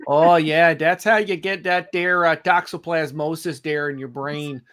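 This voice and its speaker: A man's voice: a little high, steady tone, measured pace, a bit bright, clean tone. A man putting on a folksy, drawling know-it-all voice with a Wisconsin accent. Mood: smug.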